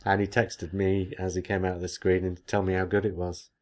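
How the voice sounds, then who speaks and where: Deep-voiced man hosting a podcast. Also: little pitch movement, fairly quick, a little mellow. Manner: chatty, reads out messages with asides. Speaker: podcast host. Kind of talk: casual podcast chat, reading listener comments.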